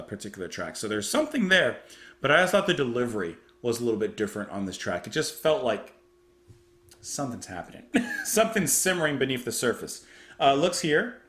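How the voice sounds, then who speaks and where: A man's voice: mid-range voice, reverberant. A man giving casual reaction commentary on music, chatty and thoughtful as he muses aloud.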